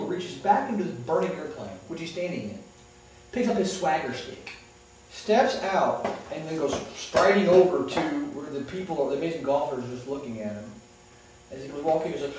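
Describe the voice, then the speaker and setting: A man's voice: on the high side, lively intonation, brisk, a little mellow. Man voice actor, chatty rambling storyteller, recorded far off in an echoey room. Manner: rambling storyteller with many restarts. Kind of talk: casual interview chat. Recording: echoey room, distant mic.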